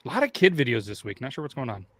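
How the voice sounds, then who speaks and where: A man's voice: medium pitch, big pitch swings, racing, dry recording. Laid-back man cracking dry quips. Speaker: podcast co-host. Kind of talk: casual banter.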